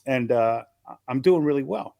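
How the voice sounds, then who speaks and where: A gravelly yet mellow mid-range voice comes from an older comedian from Long Island, New York, who speaks expressively at a moderate pace. He recounts his early days in a casual interview, performing the voices of the people involved. The recording is dry.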